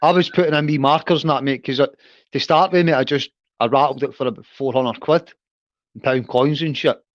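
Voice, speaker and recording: A man's voice: mid-range voice, fairly even intonation, a little fast, dry recording, lo-fi sound. A man in his thirties chatting casually on a livestream, swearing and calling everyone mate. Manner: swearing, says "mate" constantly. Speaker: livestream co-host.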